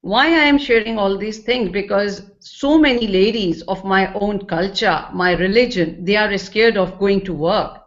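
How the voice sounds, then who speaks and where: A woman's voice: medium pitch, unhurried, hardly any pauses. A woman sharing a personal experience in earnest, emotional testimony, with non-native English phrasing. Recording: dull lo-fi recording.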